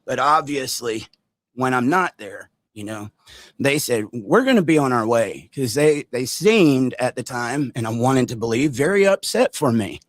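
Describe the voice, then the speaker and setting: A man vlogging a story to his viewers, animated and direct, acting out quotes as he goes. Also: mid-range voice, unhurried, no echo. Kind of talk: storytime vlog.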